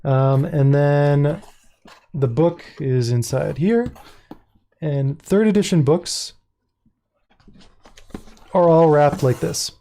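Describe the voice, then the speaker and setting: A man's voice: a little high, slow, long pauses, warm tone. A man who runs his own publishing company, chatting casually and with amusement as he hosts a livestream. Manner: chatty, self-amused, thinks aloud. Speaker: independent publisher and host. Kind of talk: casual livestream product launch.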